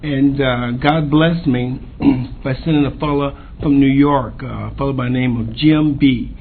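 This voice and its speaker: Slow, halting man on a tinny tape. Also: medium pitch, fairly even intonation, gravelly. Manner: halting, many pauses and fillers. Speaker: recovery convention speaker. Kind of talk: personal recovery share. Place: convention meeting room. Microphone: podium microphone. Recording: tinny lo-fi tape with faint hiss.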